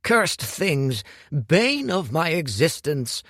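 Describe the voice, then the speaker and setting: A man's voice: mid-range voice, very animated, slow pace, fairly bright tone, no echo, clean studio sound, pitched above the performer's own voice, heavily acted. A man voicing a fussy, pompous male alchemist master who makes indignant, theatrical exclamations. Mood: flustered.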